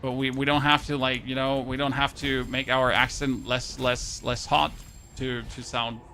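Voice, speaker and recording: A man's voice: medium pitch, little pitch movement, normal speed, sharp tone, a little hiss or hum. A man with a German accent chatting casually to his live-stream audience while he plays, rambling, swearing and laughing at himself. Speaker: game streamer.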